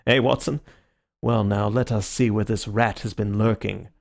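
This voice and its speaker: A man voicing a calm, theatrical gentleman detective with a measured, courteous manner, in an audiobook reading. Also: on the low side, gravelly.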